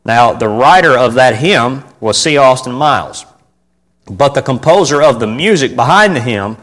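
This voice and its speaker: A man preaching informally to his congregation, chatty and direct, driving points home by repeating them and asking for an amen. His voice sits at an ordinary middle pitch. It rings with a long reverb, as in a church sanctuary. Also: expressive, moderate pace, fairly bright tone. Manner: conversational, repeats phrases for emphasis, asks the audience for responses. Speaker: preacher teaching on church music.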